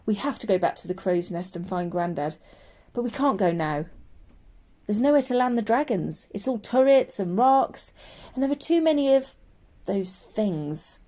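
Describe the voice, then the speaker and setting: A woman's voice: mid-range voice, lively intonation, moderate pace, mellow, close to an everyday voice. Woman reading as a stubborn, doubting young girl. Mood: knowing. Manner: firm and doubtful.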